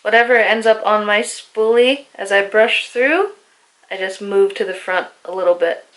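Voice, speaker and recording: A woman's voice: medium pitch, normal speed, fairly bright tone. A young woman talking through her makeup routine in a casual, chatty way, with lots of "like" and self-mocking asides. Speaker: beauty vlogger. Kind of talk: casual makeup tutorial voice-over.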